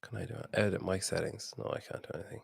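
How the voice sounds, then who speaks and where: Low-voiced casual male podcast host. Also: fairly even intonation, very fast, gravelly, husky, dry recording. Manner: chatty, laughs often, swears casually. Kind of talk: casual interview chat.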